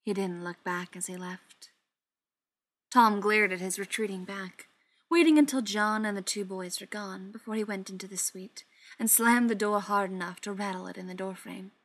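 Woman narrating a novel with hushed passages. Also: mid-range voice, normal speed. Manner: steady, dramatic reading with soft, hushed passages. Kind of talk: audiobook narration.

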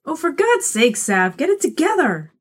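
A woman doing a high, snappy teen girl. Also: big pitch swings, moderate pace. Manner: exasperated, brusque. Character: blunt, snappy young woman, high school senior.

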